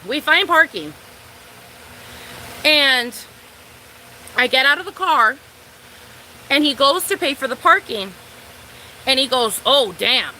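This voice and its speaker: A woman's voice: high-pitched, slow pace, long pauses, slight background noise, rough recording. A young woman vlogger telling a storytime tale to her viewers, swearing freely and acting out both sides of the story. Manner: profane, animated storytelling. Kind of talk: storytime vlog.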